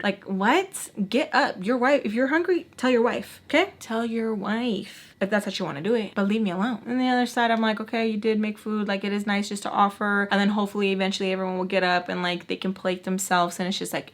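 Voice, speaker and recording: A young woman vlogger chatting through a casual storytime, full of "like" fillers and sudden jumps in pitch as she acts out what people said. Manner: lots of "like" fillers, swears casually.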